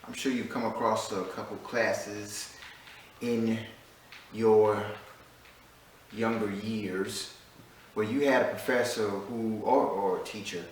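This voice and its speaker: A man's voice: fairly low pitch, a little hiss or hum. A man introducing his online class as the teacher, emphatic and fond of repeating key phrases. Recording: echoey room, mic at a distance.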